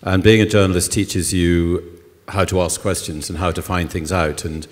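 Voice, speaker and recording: Deep-voiced novelist in a hall. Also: male voice, steady tone, moderate pace. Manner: thoughtful, hesitant with many ums. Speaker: novelist guest. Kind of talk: literary festival conversation. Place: concert hall on stage. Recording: long hall reverb.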